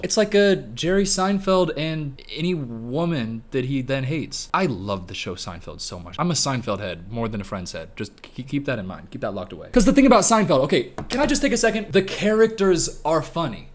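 A man hosting a comedic reaction video, rambling with jokey asides over faint background music. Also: fairly high pitch.

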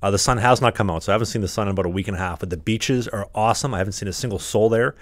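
A Canadian man, a podcast host and hockey goalie, chatting casually from a locker-room stall at a rink, joking and rambling with quick asides. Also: fairly low pitch, dry recording.

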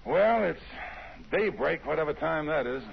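A man's voice: fairly high pitch, lively intonation, a little slow, vocal fry, slight background noise, full character voice. An actor playing an eager young man of a singing team, talking in a 1950s radio drama style with hesitant starts. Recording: dull old radio broadcast.

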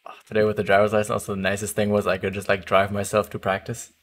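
A man's voice: lowish voice, monotone, fast. Chatty young man gaming with a friend. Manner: chatty, laughs easily, trails off and restarts. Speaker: streamer. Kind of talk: casual gaming chat.

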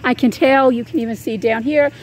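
Woman, Southern US accent, middle-aged, high voice, rambling folksy chat. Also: steady tone, a little fast, darkish tone, a little hiss or hum. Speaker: homemaker vlogger. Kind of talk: casual chat to camera.

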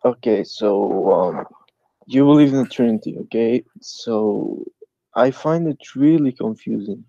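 A man calling in to a debate and speaking halting, hesitant English as a second language. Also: lowish voice, expressive, vocal fry, mellow, no echo. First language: not English. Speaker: caller. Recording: dull lo-fi line.

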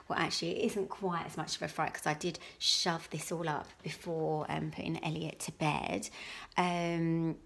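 A woman's voice: low-pitched, fairly even intonation, unhurried, vocal fry, noisy background. A woman, chatting casually and rambling with many ums while touring her own home for a vlog. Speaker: lifestyle vlogger. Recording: echoey room at home.

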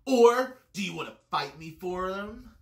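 A reader voicing a bossy, boastful little ladybug who shouts challenges at everyone, then quickly backs off. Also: medium pitch, expressive, creaky. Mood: angry. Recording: roomy echo.

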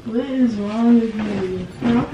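A young woman vlogger with a slightly high, slow voice pleads with her boyfriend in casual prank banter, exasperated and repeating herself. She's in a bedroom, and the dull audio is echoey, recorded from far off with background noise.

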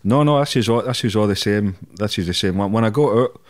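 A middle-aged Scottish man, guesting on a podcast, tells anecdotes in a relaxed interview, swearing a lot and laughing as he goes. His voice is lowish and he talks fast.

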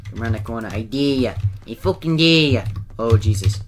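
A man's voice: medium pitch, animated, a little fast, faint music behind. A man giving casual gameplay commentary, swearing, laughing and trash-talking his opponents. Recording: noisy with game gunfire behind. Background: gunfire and keyboard clicks.

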